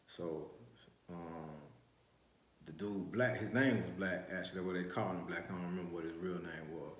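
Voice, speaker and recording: A man tells a first-person story from his youth. His voice sits on the low side, and he rambles with constant restarts and street slang. The room around him has a noticeable echo. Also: steady tone, brisk. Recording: roomy echo.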